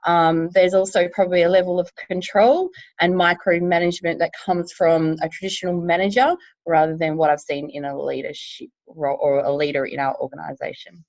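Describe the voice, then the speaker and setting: Measured woman on a dry call. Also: lowish voice, fairly even intonation, darkish tone, dry recording, muffled recording. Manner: measured, reflective, with fillers. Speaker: team member in a check-in. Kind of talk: casual meeting check-in.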